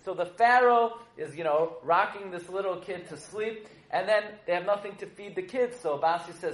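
A man's voice: sits high, normal speed, hardly any pauses. A man teaching a humorous Torah lesson as a rabbi, telling stories, joking and quizzing his listeners. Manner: joking, storytelling, quizzes the audience. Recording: echoey room.

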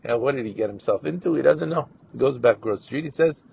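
A man telling a moral story as a Torah lesson, narrating with animated questions and voiced quotes. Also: medium pitch, a little fast, gravelly, a little hiss or hum. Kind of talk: storytelling sermon.

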